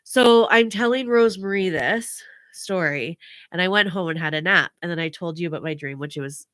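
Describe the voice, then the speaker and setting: A woman's voice: lowish voice, fairly quick, no echo, studio quality. A woman, co-hosting a casual podcast chat and telling family stories, acting out voices and laughing often. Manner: animated storytelling, acts out family members' voices, laughs often. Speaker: podcast co-host.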